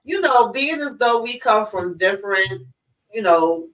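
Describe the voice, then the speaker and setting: A congested woman hosting a casual movie recap, animated and laughing often. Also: mid-range voice, unhurried, far from the mic, low-quality recording. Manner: animated, laughing, plays quotes. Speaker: host of a movie recap show.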